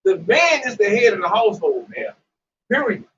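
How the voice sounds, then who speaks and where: A man laying out scripture to friends in a blunt, preachy way, with swearing mixed in. His voice runs high and swoops around. The recording is distant and dull, with faint noise behind him. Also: very animated, normal speed, fairly bright tone. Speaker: Hebrew Israelite member discussing scripture. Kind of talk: casual religious discussion.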